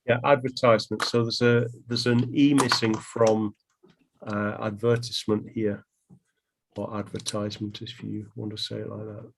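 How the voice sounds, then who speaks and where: A man teaching an online English class, talking in a relaxed, chatty way with many ums and restarts. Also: fairly low pitch, unhurried, vocal fry, slight background noise.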